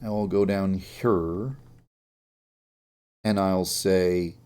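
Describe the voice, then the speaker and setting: A man's voice: deep voice, steady tone, drawn-out words, a little mellow, clean tone. A sleepy man streaming as a game developer, muttering to himself while he works and throwing in jokey asides. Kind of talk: live-stream coding commentary.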